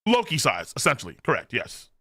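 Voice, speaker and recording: A male streamer riffing through a live reaction, his voice swinging wildly up and down and carrying a bright, forceful edge. He talks excitably, swears freely and thinks aloud, close and dry on the mic. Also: mid-range voice, fairly quick, gravelly, dry recording.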